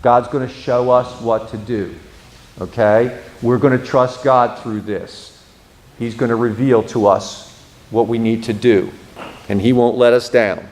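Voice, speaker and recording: Animated pastor giving a casual class lecture. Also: male voice, medium pitch, unhurried. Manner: animated, acts out quoted speech with expression; casual, asides like "you know what I mean". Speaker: pastor teaching a Bible institute class.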